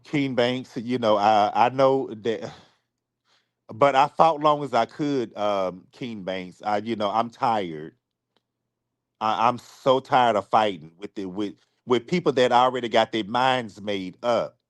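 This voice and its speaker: A man on a live stream apologizing to his supporters. He is close to tears, speaks haltingly, and often repeats himself or restarts his sentences. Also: medium pitch, no room sound.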